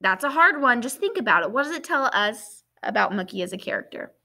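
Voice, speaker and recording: A woman's voice: a little high, sing-song, fairly quick, gravelly, sharp tone. A woman teacher with a Southern accent reading a novel aloud to her class, stopping to explain and asking the students questions in a patient way.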